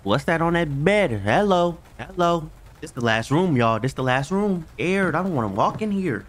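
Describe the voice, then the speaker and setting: A man's voice: a little high, animated, normal speed, hardly any pauses, a little hiss or hum. A man hosting his own channel, giving jumpy, chatty commentary on a horror game he plays and talking straight to his viewers. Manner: jumpy, talks to viewers, yelps when startled. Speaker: gaming channel host.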